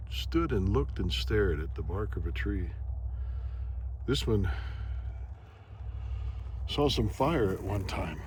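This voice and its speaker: Man, low voice, slow musing wilderness vlogger, faint outdoor ambience. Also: lively intonation, a little mellow, a little hiss or hum. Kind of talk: reflective outdoor vlog narration. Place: outdoors in the woods.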